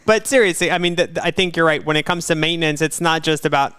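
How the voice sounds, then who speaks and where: An upbeat man co-hosts a casual podcast and laughs easily. His voice is smooth and resonant, a little higher than most men's. The sound is dry. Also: fast, few pauses, bright, forceful tone, no room sound. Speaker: podcast co-host.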